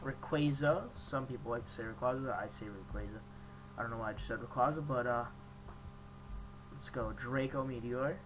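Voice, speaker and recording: A young man hosting his gaming channel, chatting casually and jokingly, reacting out loud as he plays an online battle at his computer. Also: medium pitch, fairly even intonation, fairly quick, background noise. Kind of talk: casual game commentary.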